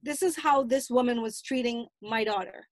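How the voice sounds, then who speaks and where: A woman's voice: fairly high pitch, normal speed, no room sound. A middle-aged mother recounting an emotional family story, replaying her own past dialogue at length. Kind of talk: personal storytelling.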